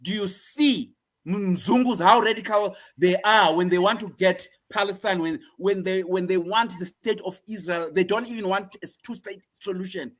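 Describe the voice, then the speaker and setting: A man's voice: sits high, moderate pace. A man giving impassioned political commentary as a guest, fiery and preaching, hammering the same phrases again and again.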